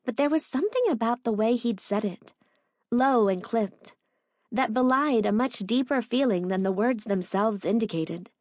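A woman narrating a first-person romance audiobook in a measured, intimate way. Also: fairly high pitch, a little mellow, no room sound, studio quality.

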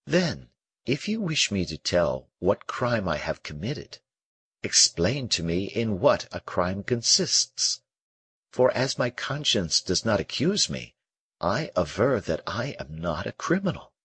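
A man voicing a gentle, melancholy young male prisoner in an audiobook, speaking earnestly and softly with a husky voice. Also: on the low side, sing-song, slow pace, pitched above the performer's own voice, full character voice. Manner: earnest, wistful and soft-spoken. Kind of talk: audiobook character reading.

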